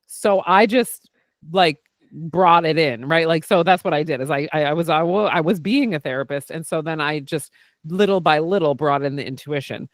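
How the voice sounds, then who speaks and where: A podcast host who also does intuitive work as a therapist chats candidly and animatedly in a fairly high voice at a normal speed. He swears freely and slips "like" and "right?" into nearly every thought, and the sound is close and dry with no room sound.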